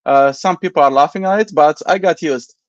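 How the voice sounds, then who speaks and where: A man's voice: on the high side, no echo. Italian-accented man on a dull dry line. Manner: earnest, grateful, halting phrasing. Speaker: live stream co-host. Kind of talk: casual live stream chat.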